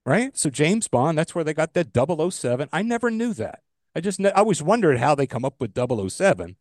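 A middle-aged man swapping stories and jokes on a casual podcast, his pitch rising and falling a lot as he goes. He talks in a loose, joking way and swears now and then. The voice sits close and dry with no room sound. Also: very animated, fast talker, darkish tone, no room sound. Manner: loose storyteller, joke-telling, swears casually. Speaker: podcast co-host. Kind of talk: casual chat.

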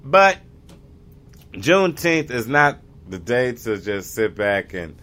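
An American vlogger delivers a casual, rambling monologue, often restarting and groping for the right word. His voice is medium-pitched and sharp in tone. He is very animated but speaks at a slow pace.

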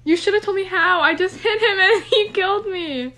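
A woman's voice: extremely high pitch, normal speed, sharp tone. A young woman co-hosting a casual podcast, chatty and rambling, recorded without a proper microphone. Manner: chatty, rambling, laughs often. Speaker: podcast co-host. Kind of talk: casual chat. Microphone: no microphone, phone or computer.

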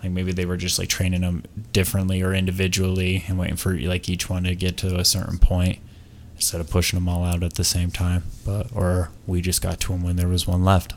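A man's voice: sits low, monotone, brisk, a little hiss or hum. A young man co-hosting a podcast, joking and swearing freely in casual chat. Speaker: podcast co-host.

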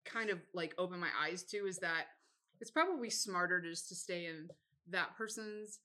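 A woman's voice: on the low side, animated, moderate pace, pushed and bright. A woman co-hosting a casual podcast, chatting with her friend, laughing easily and mimicking people. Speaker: podcast co-host. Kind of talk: casual chat.

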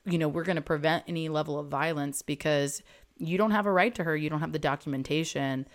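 A woman with a low voice, co-hosting a relaxed film chat podcast. She talks with enthusiasm and slips into quick acted-out lines from scenes. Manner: enthusiastic, acts out character lines in quick bits. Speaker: podcast co-host. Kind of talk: casual film discussion podcast.

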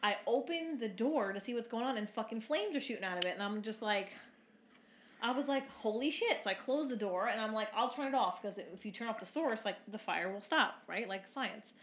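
A woman's voice: on the high side, lively intonation, fairly quick, a little hiss or hum. A woman in her twenties telling a story in casual chat, rambling with lots of fillers and the odd swear word. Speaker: podcast co-host. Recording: roomy echo.

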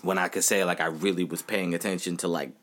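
A man's voice: deep voice, flat delivery, fast, fairly bright tone. A man in his thirties hosting a casual podcast, ranting animatedly about college football, repeating himself and saying y'all. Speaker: podcast host. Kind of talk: casual solo sports rant.

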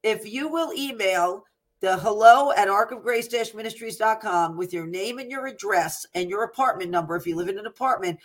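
A woman's voice: mid-range voice, normal speed. A woman hosting a ministry talk show, exhorting her listeners with urgency. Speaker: host.

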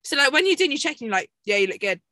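A woman hosts a casual podcast, chatty and quick to laugh. Her voice is a little high and bright with some edge. The sound is close and dry. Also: sing-song, no room sound. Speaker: podcast host, bodybuilder.

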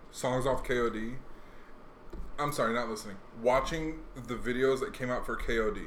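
A young man hosting a podcast, chatting casually in a rambling, animated way with lots of fillers. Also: mid-range voice. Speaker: podcast host. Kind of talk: casual chat. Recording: echoey room, faint noise.

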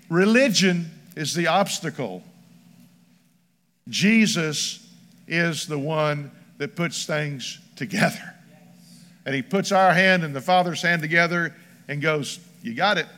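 A man's voice: high-pitched, a bit bright. A man preaching a sermon as pastor, emphatic and rhythmic, reading scripture aloud. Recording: long church hall reverb.

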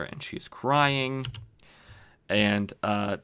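Slow and fairly low-pitched, the host's voice is clear and resonant with a sharp tone. He runs a podcast where he recaps comic books in a relaxed, enthusiastic, chatty style full of filler words.

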